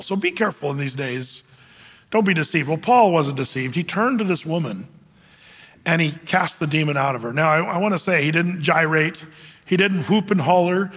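A man with a high voice preaches in a casual, conversational way. He slips into sarcastic mock voices to poke fun at gullible believers. His words ring out with a long reverb through a church sanctuary. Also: animated, normal speed, a bit bright. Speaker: pastor. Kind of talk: sermon.

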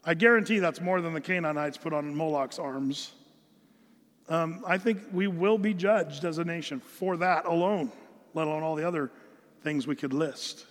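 High-voiced earnest preacher man in a hall. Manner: earnest, emphatic, with frequent restarts. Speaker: pastor. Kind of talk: Bible-teaching sermon.

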